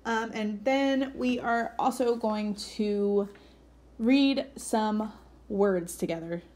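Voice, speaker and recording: A woman's voice: a little high, takes it slowly, darkish tone. A woman teacher giving an encouraging, upbeat reading lesson for young children.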